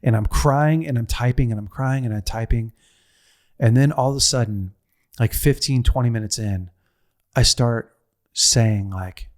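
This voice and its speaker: A middle-aged man giving a heartfelt teaching talk, telling a personal story with repetition, restarts and a pace that swings from slow to rushed. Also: mid-range voice, darkish tone. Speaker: speaker on a men's ministry show.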